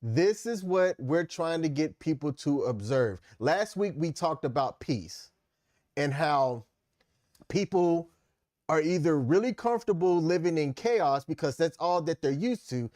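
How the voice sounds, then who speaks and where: A man co-hosting a podcast who explains his points in a measured way and now and then breaks into playful exclamations. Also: fairly high pitch, animated, a little mellow, no room sound, clean studio sound. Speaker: podcast co-host. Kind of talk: casual opinion chat.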